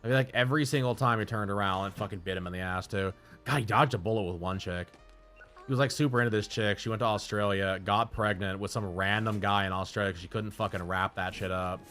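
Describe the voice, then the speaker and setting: A man's voice: on the low side, quick pace, pushed and bright, soft background music. A man streaming live, telling rambling, profane stories in casual chat.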